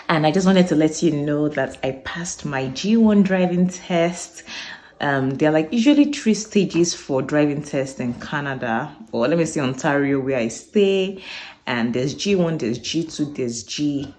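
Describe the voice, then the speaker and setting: A woman's voice: deep voice, expressive, unhurried, a little mellow. A woman in her thirties with a Nigerian accent, chatting casually to a phone camera as a vlogger and thinking aloud. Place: outdoors on a busy street, later at home. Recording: street traffic noise behind.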